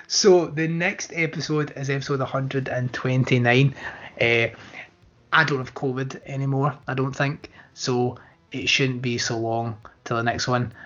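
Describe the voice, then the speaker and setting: Joking man with a bright voice. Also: medium pitch, fairly even intonation, normal speed. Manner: laid-back, joking, sweary. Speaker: podcast co-host. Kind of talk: casual chat. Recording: muffled lo-fi podcast audio.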